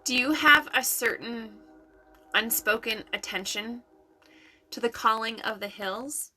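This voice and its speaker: A woman doing intuitive readings for viewers on a live stream, in an affirming, chatty way with soft laughs. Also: a little high, fairly even intonation, measured pace, soft background music. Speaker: intuitive reader.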